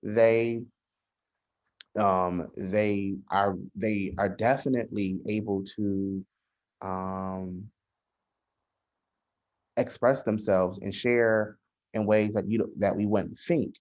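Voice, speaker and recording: A man, a social worker, talking in a casual podcast conversation, measured and often restarting his sentences. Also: fairly low pitch, fairly even intonation, darkish tone. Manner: measured, frequent restarts and hesitations. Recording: dull lo-fi sound.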